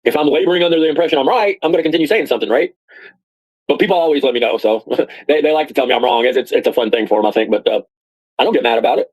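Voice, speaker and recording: A man's voice: mid-range voice, rapid-fire, darkish tone, slightly rough, low-quality recording. A man ranting casually in a rambling, profane way, often repeating and restarting his words. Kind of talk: casual rant.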